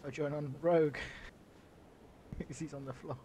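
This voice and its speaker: A man's voice: on the high side, fairly even intonation, normal speed, crowd noise. A man joking and chatting with teammates over voice chat during a multiplayer game. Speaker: player and channel host. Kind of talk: casual voice chat while gaming.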